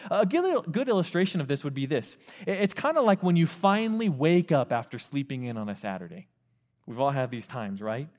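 Youth pastor, male, slightly high voice, lively preaching with acted-out asides, long hall reverb. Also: fairly quick. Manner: animated, acts out quoted voices of parents and teens. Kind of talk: sermon.

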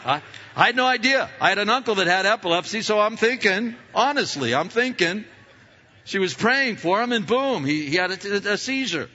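A man tells a story from the pulpit, stumbling and repeating words as he builds it up. His voice is bright and forceful and sits a little high for a man. The recording sounds slightly dull and lo-fi. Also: expressive, moderate pace. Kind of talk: sermon storytelling.

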